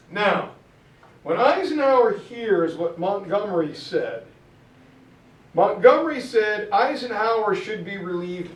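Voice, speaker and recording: A man teaching a history class to parents, telling the story with lively, acted-out quotes from the generals. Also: high-pitched, unhurried. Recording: roomy echo, mic at a distance.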